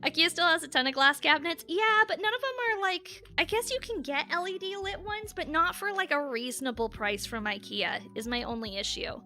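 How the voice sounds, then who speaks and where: A young woman talks casually to her live-stream chat in a high, bright voice. She is candid and chatty, dropping swear words freely. Faint music plays underneath. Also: brisk, few pauses.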